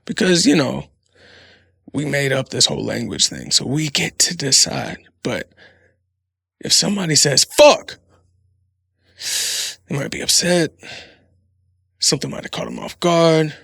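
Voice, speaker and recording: A man's voice: a little high, animated, normal speed, gravelly, long pauses, sharp tone, slightly rough, dry recording, clean studio sound. A man in his thirties hosting a casual solo podcast, rambling and swearing freely with frequent laughs. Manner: profane, laughing, rambling storyteller. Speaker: podcast host.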